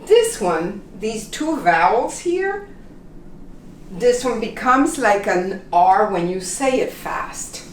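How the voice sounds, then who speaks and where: A woman teaching pronunciation, repeating example phrases slowly and checking in with "okay?". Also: mid-range voice, sing-song, echoey room, far from the mic, slight background noise. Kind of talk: slow, deliberate classroom instruction.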